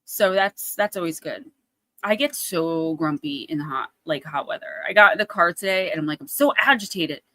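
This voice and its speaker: Bright, chatty woman livestream host. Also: low voice, normal speed, dry recording. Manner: chatty, storytelling, acts out quotes. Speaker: oracle card reader, livestream host. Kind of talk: casual livestream chat.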